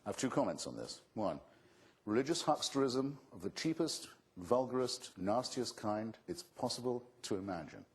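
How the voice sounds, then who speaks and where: Husky, sardonic male debater. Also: medium pitch, very animated, moderate pace. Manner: sardonic, witty, forceful. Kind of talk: public debate answer. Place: auditorium.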